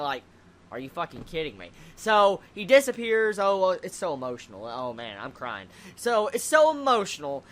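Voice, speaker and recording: Blunt, cursing manga reviewer. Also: medium pitch. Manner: blunt, swears freely, animated; rhetorical questions, frequent restarts. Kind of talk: casual chapter review rant.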